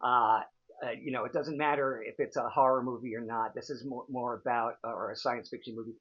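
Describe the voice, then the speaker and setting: A man's voice: medium pitch, fairly bright tone, lo-fi sound. Chatty man in his sixties. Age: 60s. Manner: chatty, rambling, frequent fillers. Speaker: host. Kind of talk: casual storytelling.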